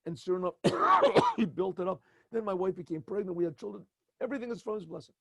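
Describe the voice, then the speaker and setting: Proud innkeeper in a told story, voiced by a male narrator; eager, husky voice. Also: sits high, huge pitch swings, fast, a bit bright, no room sound, full character voice.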